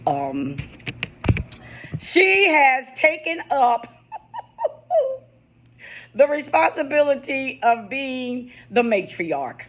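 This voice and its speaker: A middle-aged woman with a US East Coast accent, talking casually in a personal vlog and reading her own poem, often laughing and repeating phrases for emphasis. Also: fairly low pitch. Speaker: vlogger.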